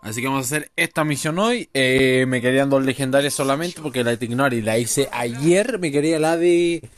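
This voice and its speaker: A man's voice: mid-range voice, fast talker. A man streaming a game, commenting casually and swearing freely. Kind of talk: casual let's play commentary.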